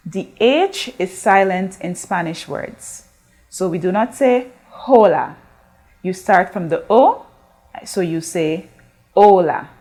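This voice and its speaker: Slow, patient woman teaching a lesson. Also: mid-range voice, darkish tone. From Guyana. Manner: slow, drawn-out modeling of words for repetition; patient, instructive, asks questions to the class. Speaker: Spanish teacher. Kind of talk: recorded classroom lesson.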